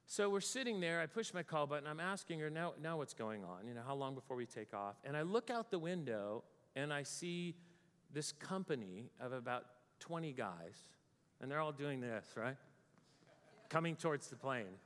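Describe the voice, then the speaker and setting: A man's voice: normal speed, smooth. American man telling a story in a hall. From United States. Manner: animated storytelling, acts out his own panic in a higher voice. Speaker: speaker. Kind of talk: storytelling talk to an audience. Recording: long reverb of a large hall.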